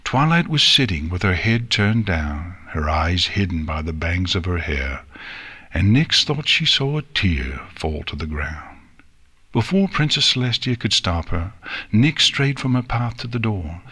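A man narrating an audiobook with smooth, expressive storytelling. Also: deep voice, unhurried. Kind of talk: audiobook reading.

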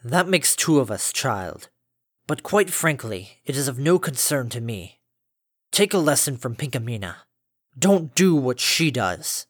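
A man's voice: medium pitch, big pitch swings, measured pace, dry recording, studio quality. Man doing a scratchy, droning old pony farmer. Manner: lethargic, curt, formal. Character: stern old male earth pony farmer.

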